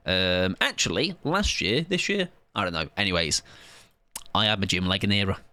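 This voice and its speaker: A man's voice: deep voice, expressive, moderate pace, sharp tone, no room sound. A man chatting casually on a live game stream, joking and rambling with plenty of self-mockery. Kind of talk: live gaming stream chat.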